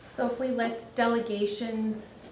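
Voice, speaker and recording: A woman's voice: a little high, flat delivery, measured pace. A woman board member asking questions in a meeting discussion, thinking aloud and working through her point with fillers. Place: district office meeting room. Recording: distant mic in a roomy space with loud noise.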